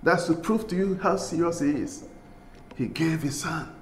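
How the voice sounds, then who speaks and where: A man from Ghana preaching a sermon as pastor, swinging between loud passionate bursts and hushed pleading. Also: a little high, normal speed, echoey room, slight background noise.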